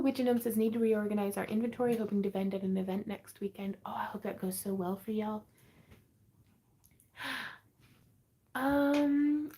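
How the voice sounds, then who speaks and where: A woman's voice: medium pitch, mellow. A woman hosting a casual craft livestream from home, chatting, laughing easily and reading out viewer comments as she answers them. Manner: chatty, rambling, quick to laugh.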